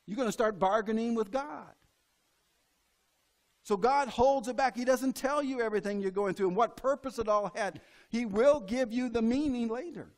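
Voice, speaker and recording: A man's voice: very high-pitched, normal speed. A middle-aged man preaching a sermon in a church, folksy and acting out the voices he quotes. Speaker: pastor.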